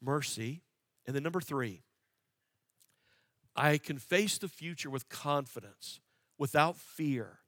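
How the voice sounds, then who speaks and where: Earnest and slow, with frequent pauses, a male pastor preaches a sermon, repeating phrases for emphasis and questioning the congregation. He swings from quiet and low to loud and emphatic, in studio-quality audio with no room sound.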